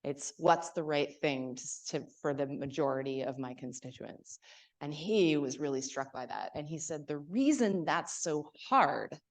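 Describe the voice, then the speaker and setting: A woman's voice: extremely low pitch, fairly even intonation, moderate pace, darkish tone. A woman author speaking at a library event, telling stories in a hesitant way, with frequent fillers and restarts.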